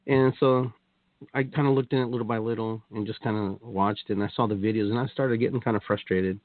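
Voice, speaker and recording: A talk show guest rambles through his story, restarting often and dropping in quoted asides. His fairly low voice stays steady and moves at a quick pace, with no room sound, over a dry, tinny phone-like line.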